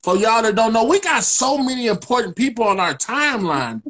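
A man's voice: extremely high pitch, very animated, brisk, fairly bright tone. Laid-back slangy man hosting a livestream. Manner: laid-back, slangy, repeats "you know what I'm saying". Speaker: livestream host. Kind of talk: casual livestream chat. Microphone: phone mic on a social media livestream.

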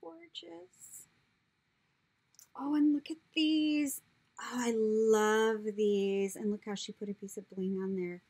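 Opening happy mail full of craft supplies, a crafter gushes in a casual unboxing chat, gasping breathily and frequently sinking to a whisper. Her medium-pitched voice is steady and darkish in tone, her pace measured, and the recording is low quality.

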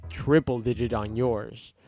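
A man's voice: medium pitch, steady tone, measured pace, warm tone, faint music behind. A young man casually commentating his basketball video game, rambling, sarcastic and profane. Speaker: gaming channel host.

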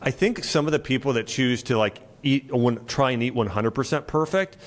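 A man's voice: mid-range voice, expressive, normal speed. A man in his thirties hosting an interview podcast, talking casually and reflectively in loose, meandering sentences. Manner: rambling, full of restarts. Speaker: podcast host.

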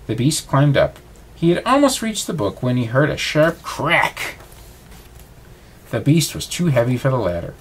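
A man reading a bedtime storybook aloud, with expressive reading. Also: medium pitch, moderate pace, slightly rough.

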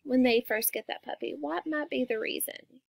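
High-voiced woman reading a storybook. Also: vocal fry, no room sound. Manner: pauses to explain words and ask questions to young listeners; changes voice for characters in quoted lines. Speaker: storybook reader. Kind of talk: reading a picture book aloud to children.

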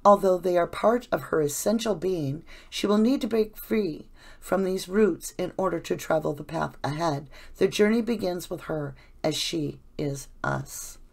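Chatty woman tarot reader, low voice. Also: unhurried, gravelly, a little mellow. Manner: chatty, effusive, rambling. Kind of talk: casual tarot reading.

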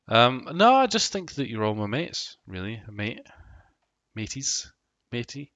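Bright-toned London man rambling on stream. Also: medium pitch, big pitch swings, measured pace, no echo. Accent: London English. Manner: rambling, jokey, swears casually, reads out chat. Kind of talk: casual live-stream chat while gaming. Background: game music.

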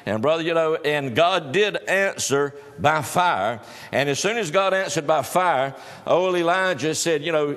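A man preaching with folksy, teasing humor. His voice sits somewhat high. It rings out through a hall with a long reverb tail. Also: normal speed, a bit bright. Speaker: pastor. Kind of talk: sermon.

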